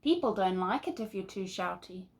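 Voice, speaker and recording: A woman's voice: medium pitch, lively intonation, moderate pace, a little mellow, close to an everyday voice. A woman reading a picture book aloud and voicing Edith, a patient, sensible companion with a reassuring way of speaking. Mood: gentle.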